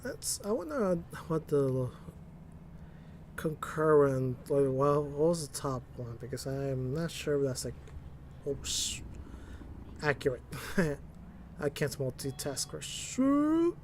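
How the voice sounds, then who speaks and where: A man's voice: fairly high pitch, sing-song, takes it slowly, a little hiss or hum. Rambling, self-mocking male streamer. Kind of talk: casual gameplay commentary. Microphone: desk mic.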